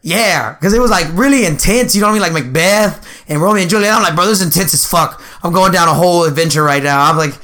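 A young man in casual chat, laid-back and quick to laugh, swearing freely. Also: high voice, sharp tone.

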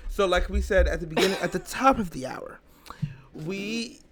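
A man's voice: sits high, fairly quick, husky. A man co-hosting a podcast in casual chat, playful and teasing as he hypes up listeners. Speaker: podcast co-host.

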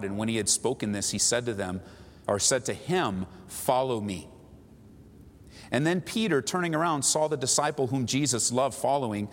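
A man preaching a sermon as a pastor, building to high, emphatic pleas. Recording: long hall reverb, faint background noise.

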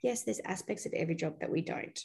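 A woman reads for someone in a loose, chatty way. She often says what "they're saying" and rambles through her advice at an ordinary middle pitch. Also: fast talker, vocal fry. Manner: chatty, warm-voiced, relays messages with "they're saying". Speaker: psychic reader. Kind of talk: casual spiritual reading.

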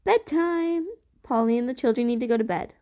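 A woman voicing an anxious mother who speaks firmly and in a hurry, with a raised pitch. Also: little pitch movement, rapid-fire, warm tone, close to an everyday voice. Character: anxious mother, firm and hurried.

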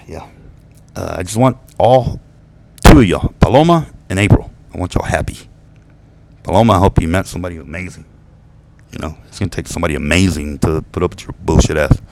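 An American man vents about his exes straight to the camera in a rambling, profane monologue, cursing often and laughing at his own jokes. His voice is low and darkish with vocal fry, and there's slight background noise.

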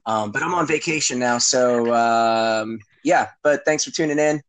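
A man's voice: mid-range voice, a little slow, fairly bright tone, rough recording. A man hosting a podcast in casual chat, rambling and profane, with many fillers and restarts. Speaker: podcast host.

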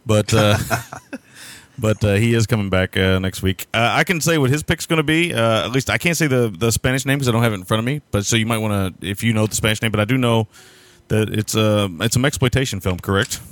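A man's voice: on the low side, brisk, dry recording. A man co-hosting a casual film podcast from home, laid-back and laughing often. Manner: laid-back, laughs a lot, hesitant with fillers. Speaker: podcast co-host. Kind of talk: casual chat. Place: home, son playing nearby.

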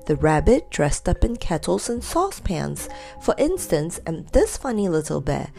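A woman's voice: fairly low pitch, big pitch swings, normal speed, creaky, warm tone, faint music behind. A woman voicing a jolly old Santa Claus, a big man who speaks in hearty exclamations. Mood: delighted.

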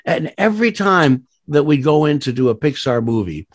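Give me an animated man spinning rambling anecdotes, dry close sound. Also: on the high side, normal speed, no room sound. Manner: rambling, many fillers and restarts; animated, laughs at his own stories. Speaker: voice actor guest. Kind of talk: storytelling interview anecdotes.

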